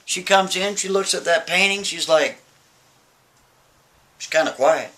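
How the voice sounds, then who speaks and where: A man with a somewhat high, bright and forceful voice tells a story as if chatting with a friend. He keeps it loose and lively, tossing in little asides to the listener as he goes. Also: a little slow. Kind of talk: casual spoken storytelling.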